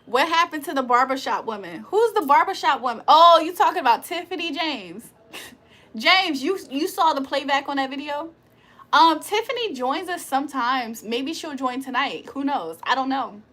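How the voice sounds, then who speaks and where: A woman's voice: high-pitched, lively intonation, normal speed, a bit bright. A woman hosting a casual livestream, reading chat aloud, playful and profane, laughing often and teasing viewers in a mock-preacher tone. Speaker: livestream host.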